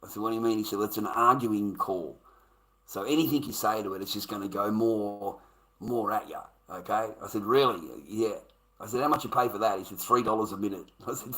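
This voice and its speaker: A man's voice: fairly low pitch, fairly quick, sharp tone, poor audio. A middle-aged man with an Australian accent, swearing and rambling through stories as a livestreamer. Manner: profane, rambling, laughs while telling stories. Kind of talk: casual storytelling rant.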